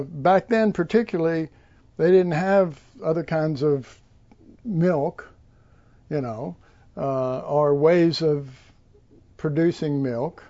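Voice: mid-range voice, warm tone, highs cut off. A preacher giving an informal Bible teaching, rambling with many fillers and restarts.

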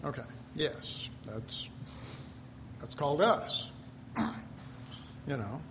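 A man's voice: high-pitched, slight background noise. A male pastor preaching a sermon in a folksy, conversational way, telling stories and acting out voices. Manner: acts out quoted voices.

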